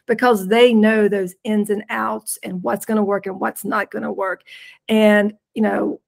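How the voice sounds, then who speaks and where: A woman with a pronounced West Virginia accent, a podcast guest talking casually and unhurriedly, laughing easily. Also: mid-range voice. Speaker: podcast guest, rural nonprofit leader. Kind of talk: casual interview chat.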